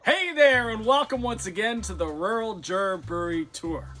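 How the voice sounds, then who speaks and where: A man hosting a casual beer-tasting chat, dry and teasing with quick comebacks. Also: high voice, fairly bright tone, faint music behind. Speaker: host.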